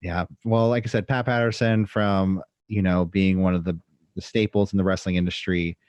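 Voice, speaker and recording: Low-voiced man rambling on a podcast. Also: fairly even intonation, a little mellow, clear, resonant tone, no room sound, muffled recording. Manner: rambling, halting, lots of fillers. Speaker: podcast co-host. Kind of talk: casual chat.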